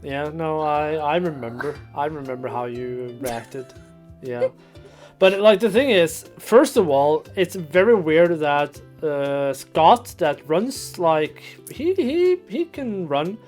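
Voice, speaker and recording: A woman with a lowish voice co-hosting a casual movie podcast. She reasons aloud in a dry, teasing way, with faint music behind her. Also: animated, takes it slowly, darkish tone. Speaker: podcast co-host. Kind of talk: casual chat.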